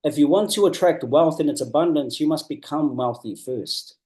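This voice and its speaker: A man giving a motivational coaching talk, earnest and emphatic, repeating key phrases and slowing down to drive points home. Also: a little high, mellow. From New Zealand. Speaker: business coach.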